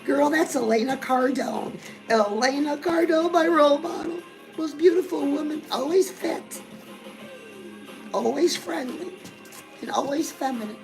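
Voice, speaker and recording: A woman's voice: high-pitched, a little slow, gravelly, over music, rough recording. A middle-aged woman hosting a comedic fitness and lifestyle show, gushing and chatty, forever calling the viewer girl. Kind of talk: comedic character monologue.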